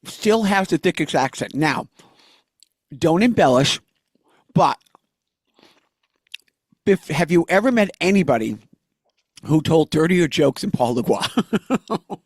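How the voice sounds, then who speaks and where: A man's voice: on the high side, slow pace, pauses often, no echo, clean studio sound. Man telling stories on a podcast. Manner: lively storytelling. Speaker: podcast co-host. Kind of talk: casual chat.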